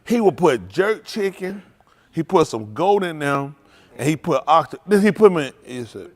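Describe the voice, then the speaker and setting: Excitable pastor, slightly high voice, casual storyteller. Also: male voice, moderate pace. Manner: animated, laughing, excitable.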